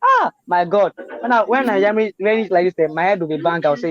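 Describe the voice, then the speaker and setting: A man's voice: high voice, brisk, dry recording. A Nigerian man hosting an interview, talking in an effusive, repetitive casual way with bits of pidgin. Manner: effusive, repeats himself, mixes in pidgin. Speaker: interview host. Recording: dull, dry.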